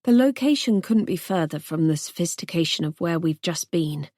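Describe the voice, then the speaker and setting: A woman narrating a first-person thriller audiobook in a tense, measured way. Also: lowish voice, lively intonation, dark tone, no room sound, clean studio sound.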